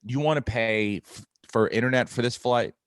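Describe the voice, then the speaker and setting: A man's voice: medium pitch, moderate pace, smooth, no echo, studio quality. A middle-aged man, a podcast host, telling a comic story in casual chat, swearing freely and acting out the people in it. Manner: profane, animated, acts out dialogue.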